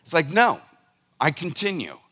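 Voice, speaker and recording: A middle-aged pastor speaks at normal speed in a voice on the high side, a bit bright, with big pitch swings. He preaches to his congregation loosely and conversationally, often restarting and addressing people directly in asides.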